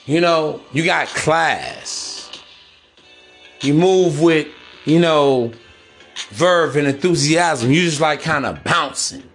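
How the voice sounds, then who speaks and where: Male podcast host, slightly high voice, blunt and preachy, street slang, faint music underneath. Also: slow pace, fairly bright tone. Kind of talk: casual monologue.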